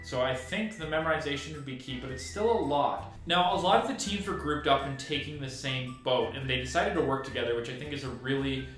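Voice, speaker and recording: A young man hosting a casual recap video, chatty and quick to laugh. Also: medium pitch, fairly bright tone, faint music behind. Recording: very echoey room.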